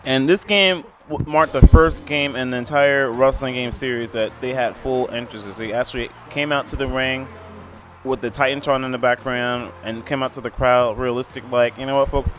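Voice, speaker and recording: A man rambles through a casual voice-over review of an old video game. His voice sits at an ordinary middle pitch, and faint game music plays underneath. He is blunt and opinionated, filling his talk with "I mean" and "like". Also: fairly bright tone.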